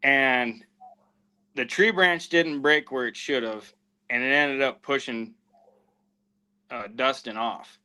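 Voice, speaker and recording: A man's voice: mid-range voice, slow pace, pauses often, clear, resonant tone, poor audio. A man telling a hunting story in casual podcast chat, acting out what people said along the way. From southwestern United States. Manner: animated anecdote-telling with acted-out quotes. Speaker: podcast host and houndsman.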